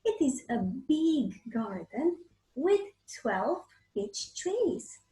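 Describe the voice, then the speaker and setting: A woman teacher with a Romanian accent reads a children's storybook aloud, talking slowly and clearly to her pupils. Her voice is high, and the room around her is echoey. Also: sing-song, dark tone. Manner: slow, clear, addresses children. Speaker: English teacher.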